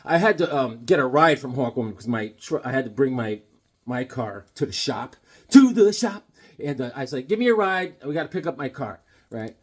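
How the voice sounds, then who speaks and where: A man hosting a comic book video, riffing in a joking, rambling, animated way. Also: medium pitch, slightly rough. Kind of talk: comedic casual monologue.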